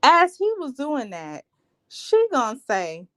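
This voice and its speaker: Sassy, lively woman recapping a show. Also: high voice, slow. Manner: sassy, gossipy, slangy. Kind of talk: live reality TV recap chat.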